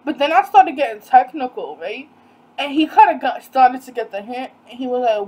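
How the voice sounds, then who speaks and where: A young woman telling a storytime vlog in a casual, animated way, acting out quoted dialogue with disbelief. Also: high-pitched, moderate pace, poor audio. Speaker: vlogger.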